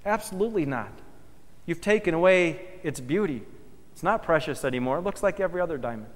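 A man preaching a sermon as pastor, emphatic, swelling loud and then dropping soft and slow for weight. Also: a little high, animated. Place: church sanctuary. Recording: long church reverb.

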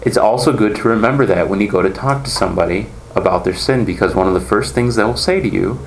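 Speaking fast in a voice on the low side, a man earnestly walks a class through a conversational Bible lesson, explaining and asking questions. The recording has an echoey room and faint background noise.

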